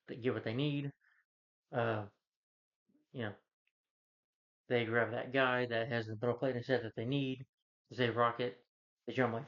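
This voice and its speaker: Male reviewer, mid-range voice, rambling home recap on a muffled, lo-fi recording. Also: medium pitch. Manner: rambling, full of "you know" and restarts. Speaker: movie reviewer. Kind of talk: casual plot recap. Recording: dull lo-fi sound.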